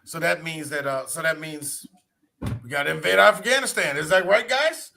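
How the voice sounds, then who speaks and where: A man in his forties co-hosting a podcast, animated and jokey, repeating himself as he talks. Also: on the high side, normal speed, gravelly. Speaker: podcast co-host. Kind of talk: casual chat.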